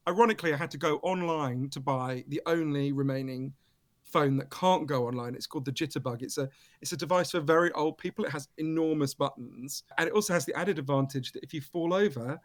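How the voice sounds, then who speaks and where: A British man with a fairly high voice tells his stories with real animation. He is a guest author in an interview, emphatic and quick to swear. His pitch leaps and swoops as he gets caught up in the telling. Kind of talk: storytelling interview.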